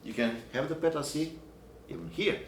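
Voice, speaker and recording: A man teaching a Byzantine chant class, explaining in halting phrases and breaking into short sung examples. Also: on the high side, slight background noise. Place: church hall or classroom. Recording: echoey room, recorded from a distance.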